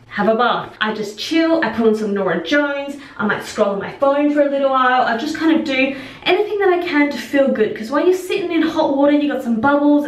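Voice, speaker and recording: A young woman talking frankly to camera at home, rambling and self-mocking as she gives tips. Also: high-pitched. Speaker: vlogger and childminder. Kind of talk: candid talk to camera. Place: home, moving between rooms.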